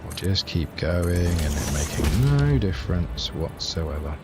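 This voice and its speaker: A deep-voiced man talks casually to his live-stream audience while he plays. He rambles and jokes at his own expense in a relaxed, unhurried way. Game music runs clearly underneath his voice. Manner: rambling, self-deprecating, jokey. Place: home setup, streaming off a laptop.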